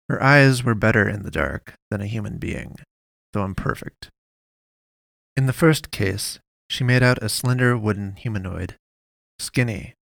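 A man reading a scripted story in a steady, measured way. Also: fairly low pitch, creaky, dry recording. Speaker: narrator.

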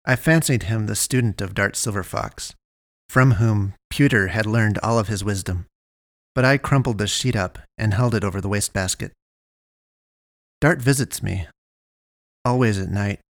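A man narrating a first-person story in a measured, deliberate way. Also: on the low side, dry recording, studio quality.

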